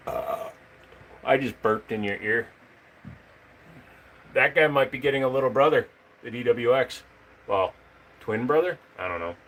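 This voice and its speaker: A man's voice: medium pitch, unhurried, pauses often, fairly bright tone, a little hiss or hum. A man hosting a casual livestream, chatting with viewers and talking sweetly to his dog between answers. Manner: chatty, talks baby-talk to his dog. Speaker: livestream host.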